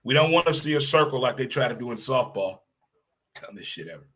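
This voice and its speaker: A man's voice: medium pitch, brisk. Emphatic man hosting a solo podcast rant. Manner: animated, emphatic, repeats phrases for effect; blunt, occasional swearing. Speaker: podcast host.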